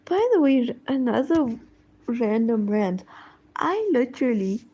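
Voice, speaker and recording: A woman's voice: a little high, big pitch swings, a little slow, warm tone, highs cut off. A woman chatting casually while she draws, rambling along with lots of fillers and trailing thoughts. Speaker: drawing streamer. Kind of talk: casual chat while drawing.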